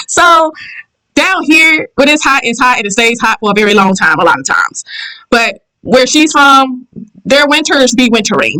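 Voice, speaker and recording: A woman's voice: a little high, sharp tone, low-quality recording. A woman from the American South with a Southern accent, giving blunt, sassy reaction commentary as the host of her channel. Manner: blunt, sassy, repeats herself for emphasis.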